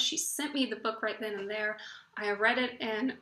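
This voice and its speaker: A woman's voice: a little high, fairly even intonation, moderate pace, sharp tone. A woman book blogger chatting casually to camera, telling stories in a gushing way and often stumbling and restarting her sentences. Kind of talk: casual vlog chat. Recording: echoey room.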